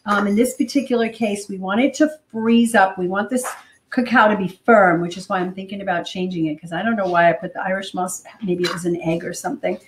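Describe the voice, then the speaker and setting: A woman with a middle-pitched voice hosts a live cooking demonstration in a roomy home kitchen, chatty and a bit rushed as she thinks aloud between steps. Pots, cutlery and dishes clatter clearly behind her, with slight hiss or hum.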